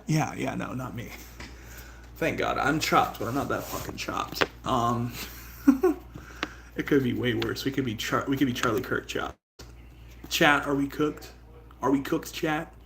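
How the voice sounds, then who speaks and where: A man's voice: mid-range voice, fairly bright tone, slight background noise. Profane, rambling young male streamer. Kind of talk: casual livestream chat.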